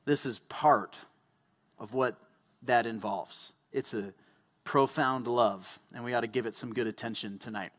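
Male pastor, mid-pitched, measured sermon delivery built on rhetorical questions. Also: steady tone, a bit bright. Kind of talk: sermon and closing prayer.

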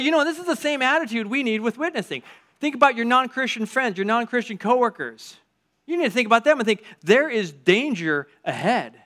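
A man leading a church group, giving a lively sermon with storytelling asides and strong shifts of emphasis. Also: high-pitched.

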